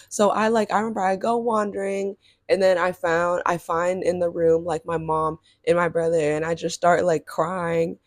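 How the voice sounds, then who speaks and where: A woman's voice: normal speed, hardly any pauses, no echo, clean studio sound. A young woman from Southern California telling a childhood story to her viewers in casual chat, full of "like" and "y'all", her voice jumping up on quoted reactions. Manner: animated, chatty, lots of "like" and "y'all", pitch leaps on quoted reactions. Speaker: storytime vlogger.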